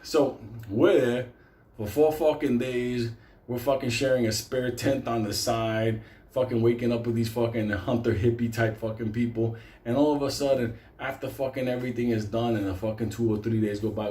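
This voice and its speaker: A man casually telling a story, animated and swearing constantly. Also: mid-range voice, brisk, roomy sound.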